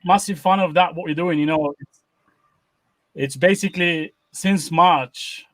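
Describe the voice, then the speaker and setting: Man with halting speech on a video call. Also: a little high, fairly bright tone, dry recording. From not English-born, lives near Leeds. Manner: halting non-native phrasing with frequent "you know". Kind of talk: casual chat.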